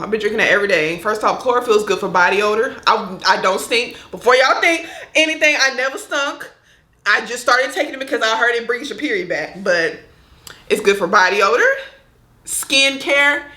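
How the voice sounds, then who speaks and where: A woman's voice: on the high side, pushed and bright, roomy sound. A young adult woman talking frankly and chattily to her viewers in a personal vlog. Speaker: vlogger.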